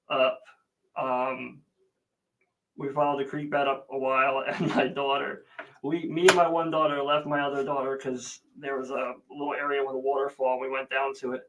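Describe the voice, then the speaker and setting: A man's voice: mid-range voice, poor audio. A man hosting a casual livestream who rambles through a family story and greets viewers by name. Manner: rambling, chatty storytelling with many fillers. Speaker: livestream host. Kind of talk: casual live chat.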